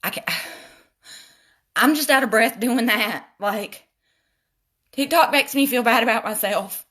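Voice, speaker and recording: A chatty woman talks her viewers through a makeup look on a casual livestream. Her voice is bright and forward, and she keeps drifting into laughing side stories before coming back to her palette. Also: on the high side, slow. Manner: chatty, goes off on laughing tangents; talks straight to viewers, addressing them as y'all. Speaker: makeup vlogger.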